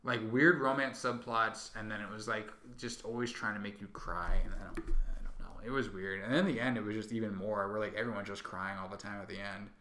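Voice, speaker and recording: A young man chats loosely about a movie he loved, rambling and stuffing his talk with fillers. His voice is bright and forward. The room around him rings and echoes. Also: fairly low pitch, fairly even intonation, brisk, slight background noise. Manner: rambling, heavy on "like", acts out scenes in silly voices. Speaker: podcast co-host. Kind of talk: casual movie review chat.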